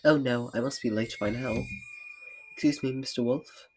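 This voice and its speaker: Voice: mid-range voice, fairly even intonation, moderate pace, darkish tone, faint music behind, voice pushed up, lightly acted. Little Red Riding Hood, put on by a gamer. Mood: polite. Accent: mock English.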